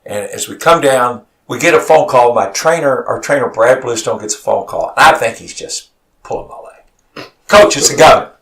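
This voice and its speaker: Animated coach guest, gravelly voice, a bit off mic, storytelling. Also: male voice, medium pitch, moderate pace. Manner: animated, repeats words when excited. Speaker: college basketball head coach, studio guest. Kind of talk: emotional storytelling in a studio interview. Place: radio studio. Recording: voice sounds far from the mic.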